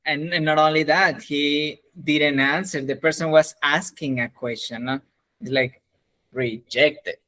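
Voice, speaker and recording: A man teaching an English speaking class over a video call, animated and encouraging, laughing often. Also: on the high side, a little slow.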